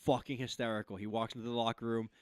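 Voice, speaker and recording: A man co-hosting a casual sports talk show, laid-back, telling quick stories with chuckles between short agreements. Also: mid-range voice, level tone, no room sound. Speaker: podcast co-host.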